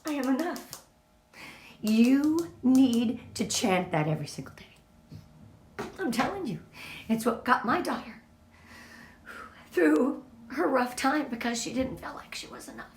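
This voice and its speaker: A woman's voice: high voice, lively intonation, a little slow, long pauses, a little hiss or hum. Earnest motivational woman in an echoey room. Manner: earnest and emotional, speaks to the group directly. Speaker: team leader giving a motivational talk. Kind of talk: casual motivational talk.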